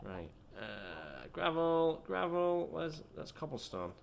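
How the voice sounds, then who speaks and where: Rambling British man with a lively voice. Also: a little high, takes it slowly, vocal fry, a little hiss or hum. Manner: rambling, self-deprecating chatter. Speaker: gaming channel host. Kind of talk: let's play commentary.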